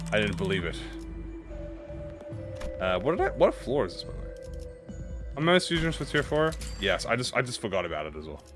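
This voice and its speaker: A young man streaming a game, rambling casually to his chat and poking fun at himself. His pitch swings a lot from line to line. Game music plays clearly behind him. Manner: rambling, self-mocking, talks to chat. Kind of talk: casual gameplay commentary to chat.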